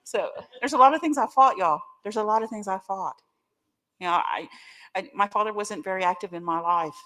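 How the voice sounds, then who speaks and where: A woman's voice: fairly low pitch, a bit bright. A middle-aged woman, giving a personal testimony as guest speaker at a recovery meeting, candid, emotional and joking, talking straight to the crowd. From Oklahoma.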